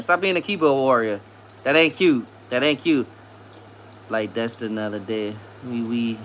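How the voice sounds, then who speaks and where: A man's voice: mid-range voice, bright, forceful tone, slight background noise. Laid-back man chatting on a live stream. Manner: laid-back slangy banter, laughs often. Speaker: live stream host reading chat. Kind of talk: casual live stream chat.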